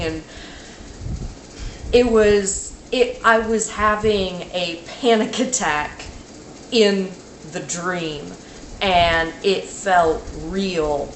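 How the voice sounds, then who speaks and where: A woman vlogger recounting a dream in casual speech, halting and rambling, with many "like"s and restarts. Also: fairly low pitch. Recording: echoey room with faint noise.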